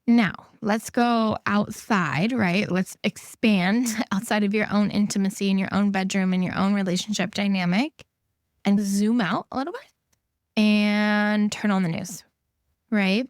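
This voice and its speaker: A woman's voice: mid-range voice, normal speed, no echo. Earnest woman podcast host, dry sound. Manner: earnest, emphatic, repeats key points. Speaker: podcast host and intimacy coach. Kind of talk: solo podcast talk.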